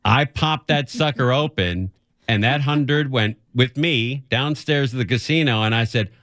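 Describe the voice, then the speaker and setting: A man's voice: medium pitch, unhurried, a bit bright, no room sound, studio quality. A man hosting a radio show, telling a rambling, self-mocking story in casual chat and laughing often.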